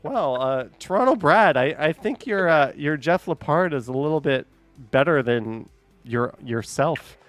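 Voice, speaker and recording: Brief: chatty male stream host, fairly high voice, dry close sound, faint music behind. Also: lively intonation, unhurried, a bit bright, no room sound. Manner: chatty, laughs often, reads chat aloud. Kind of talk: casual live-stream chat with callers.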